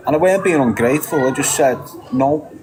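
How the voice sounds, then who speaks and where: A man's voice: mid-range voice, a little fast, music in the background, rough recording. A middle-aged man with a Liverpool accent talking bluntly and candidly to his viewers, swearing freely as he answers their questions. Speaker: channel host answering viewers. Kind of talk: candid casual monologue.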